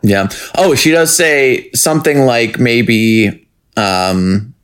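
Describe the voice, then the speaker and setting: A man's voice: mid-range voice, slow, clear, resonant tone. A man co-hosting a podcast, chatting casually as he recaps a TV episode, rambling and laughing often. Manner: rambling, laughs often, breaks into silly singing. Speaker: podcast co-host. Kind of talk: casual chat recapping a TV show.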